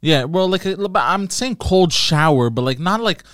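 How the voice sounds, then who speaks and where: A man's voice: fairly high pitch, lively intonation, moderate pace, fairly bright tone, no room sound, studio quality. A man in casual comedic chat, agreeable and hesitant, full of yeahs and restarts. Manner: hesitant, agreeable, says yeah a lot.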